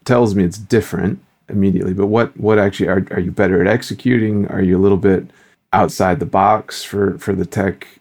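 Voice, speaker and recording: Co-host, man, very low voice, fumbles and restarts his questions. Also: steady tone, brisk, a little mellow. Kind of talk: casual interview questions.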